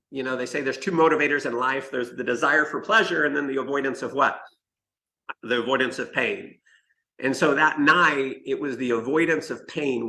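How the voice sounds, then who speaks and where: A man's voice: mid-range voice, creaky, pushed and bright, rough recording. A man giving an emphatic motivational talk, telling stories and speaking straight to the listeners. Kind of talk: motivational talk to an online summit audience.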